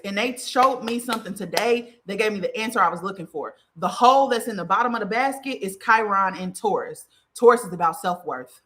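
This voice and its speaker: Bright-voiced woman preaching to her followers. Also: medium pitch. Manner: emphatic and repetitive, often asking "okay?"; profane and blunt. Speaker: spiritual livestream host. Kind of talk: casual livestream talk to followers.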